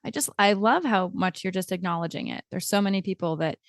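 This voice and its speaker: A woman's voice: mid-range voice, brisk, dry recording, clean studio sound. A woman hosting a podcast, chatting casually and effusively with her guest, often laughing. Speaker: podcast host. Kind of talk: casual interview chat.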